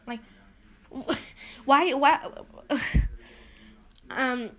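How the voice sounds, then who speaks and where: A woman's voice: high-pitched, extremely slow. A woman hosting a casual solo podcast, rambling and exasperated as she lists her pet peeves with lots of "like"s. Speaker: podcast host.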